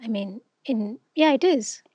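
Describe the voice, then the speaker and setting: A woman's voice: a little high, a little slow, mellow, no echo. A woman co-hosting a casual career podcast, reflective and often checking in with "right?". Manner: reflective, frequent "right?" tags. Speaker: podcast co-host. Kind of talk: casual conversation.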